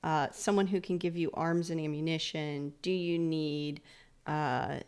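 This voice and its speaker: A woman acting as game master of a tabletop role-playing game, narrating in an easygoing, soft-spoken way with gentle fillers. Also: deep voice, fairly even intonation, measured pace, clear, resonant tone.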